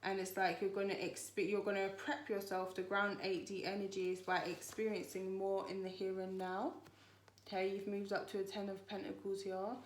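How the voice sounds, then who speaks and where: A woman talks through a spiritual card reading with a chatty, reassuring flow, often circling back on herself. Her voice sits at a middle pitch, and the room around her echoes. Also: level tone, normal speed. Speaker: tarot reader.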